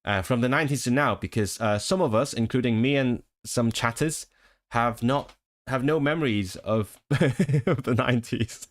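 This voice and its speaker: A man's voice: mid-range voice, normal speed. A man chatting casually with his live-stream viewers, rambling with frequent laughs and restarts.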